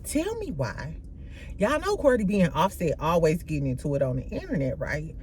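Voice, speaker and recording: A woman's voice: deep voice, very animated, moderate pace, a little mellow, slight background noise. A woman hosting a casual gossip podcast, brash and profane, full of slang. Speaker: podcast host.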